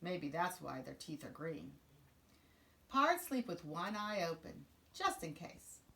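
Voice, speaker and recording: A woman teacher reading a children's picture book aloud in an expressive, sing-song way. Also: on the low side, measured pace, creaky. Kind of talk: children's storybook read-aloud.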